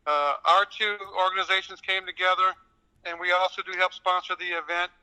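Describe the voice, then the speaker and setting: A man's voice: high-pitched, flat delivery, fairly quick, sharp tone, smooth, poor audio. A man from Louisiana with a Southern accent, speaking politely as a guest on a radio interview. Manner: polite, answers with "yes, sir".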